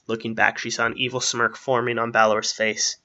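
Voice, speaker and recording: Bright-voiced man reading a story. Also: medium pitch, completely flat delivery, a little fast, dull audio. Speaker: narrator. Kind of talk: reading a fantasy story aloud.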